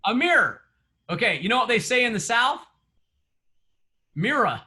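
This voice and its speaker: Bright-voiced, chatty male coach. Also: very high voice, big pitch swings, a little fast. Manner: chatty, laughs often, quizzes the audience. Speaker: real estate coach. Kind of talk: online coaching session.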